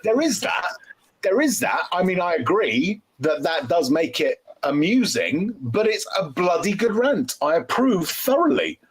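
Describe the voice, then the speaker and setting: A man hosts a loose live-stream panel with a husky, slightly breathy voice. His pitch sits a little high and jumps around as he cheers people on, and he often repeats his words. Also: sing-song, unhurried, poor audio. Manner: repeats himself, sweary, enthusiastic. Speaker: host. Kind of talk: casual panel chat.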